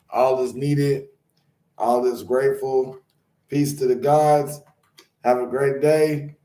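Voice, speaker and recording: A man's voice: a little high, mellow, reverberant, poor audio. A man hosting his own spiritual channel, talking loosely and rambling between card readings and chanted blessings.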